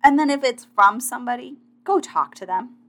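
A woman's voice: fairly high pitch, expressive, normal speed. A woman in a casual motivational monologue, talking directly and chattily to her listeners as a fitness competitor sharing advice.

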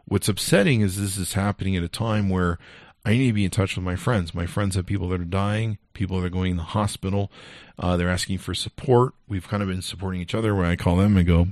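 A man's voice: low voice, brisk, no echo, clean studio sound. A male podcast host ranting angrily and profanely in a casual monologue. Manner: angry, profane, animated storytelling.

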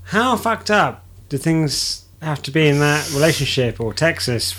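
A man co-hosting a comedy podcast who keeps interjecting with quick reactions, jokes and swearing in casual chat. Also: a little high, a bit bright. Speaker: podcast co-host.

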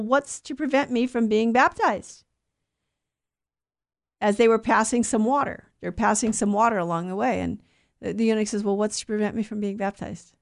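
Woman teaching scripture, raised pitch. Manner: conversational, asks the group questions. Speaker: Bible teacher.

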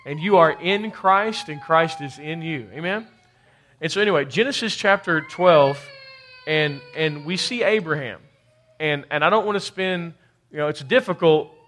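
A man's voice: a little high, normal speed, fairly bright tone. A man preaching a sermon, calling for amens from the congregation and repeating words as he builds a point. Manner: call-and-response preaching, rising to emphatic bursts. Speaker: pastor.

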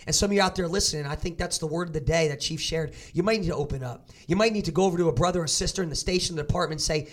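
A man's voice: a little high, very fast, few pauses. A man hosting a podcast, talking earnestly and encouragingly in a casual conversation. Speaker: podcast host and fitness coach.

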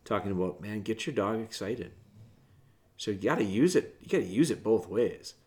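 A man hosting a casual podcast from home, talking earnestly and rambling with restarts, often dropping to a soft, quiet voice. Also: on the low side, expressive, moderate pace. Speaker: podcast host, dog trainer. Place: home, with dogs in the room.

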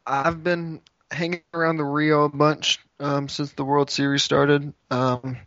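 A man's voice: fairly high pitch, little pitch movement, unhurried, fairly bright tone, dry recording. A man co-hosting a podcast, telling a story in an easygoing, meandering way with many hesitations. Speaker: podcast co-host. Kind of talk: casual chat. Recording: dull lo-fi sound, dry.

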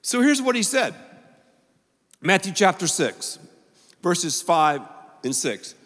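A male pastor preaches in a joking, animated way, tossing in quick asides. His voice is high and bright with lively swings in pitch. A long reverb fills the large auditorium behind him. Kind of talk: sermon.

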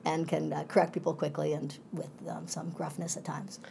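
A woman's voice: sits low, level tone, normal speed, gravelly, mellow, slight background noise. A middle-aged woman professor in a conversational interview, speaking reflectively in winding asides.

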